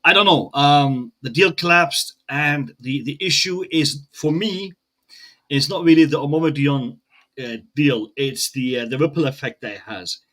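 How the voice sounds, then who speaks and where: A man from the UK, a guest on a live football fan show over a video call, talking in a relaxed way full of "you know" and "um". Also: a little high, a little slow. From United Kingdom. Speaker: guest pundit. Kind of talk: casual fan-show chat.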